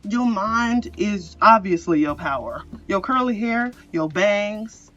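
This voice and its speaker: Chatty woman tarot reader, mid-pitched voice, rambling casual delivery, slightly dull recording with faint music underneath. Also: lively intonation, slow, a bit bright. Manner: rambling, chatty, laughs often. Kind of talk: casual pick-a-card tarot reading.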